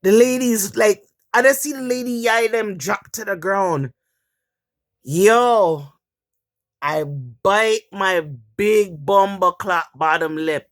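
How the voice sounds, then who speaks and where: Jamaican woman vlogger, casual rambling chat, unhurried delivery. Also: medium pitch. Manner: chatty, rambling storyteller with frequent swearing and laughter.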